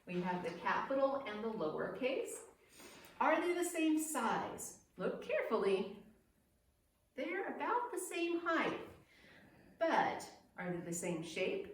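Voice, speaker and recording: Woman, preschool teacher, slow and sing-song, pauses for answers, big echoey room, mic set back from her. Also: high-pitched, big pitch swings, far from the mic, slight background noise. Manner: gentle, sing-song, pausing for children's answers. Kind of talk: children's circle-time lesson.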